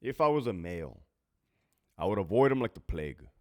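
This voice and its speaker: A middle-aged man chats casually and bluntly, swearing freely and laughing at himself. His voice sits low but swings widely in pitch, animated as he tells stories from his prison job. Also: brisk. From California. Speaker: former prison officer answering viewer questions. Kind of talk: casual Q&A chat.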